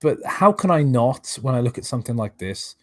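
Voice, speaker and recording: Man, live stream commentary, exasperated, sarcastic, swearing, mid-pitched voice, dry close sound. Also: lively intonation, brisk, no room sound. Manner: thanks viewers for donations between remarks.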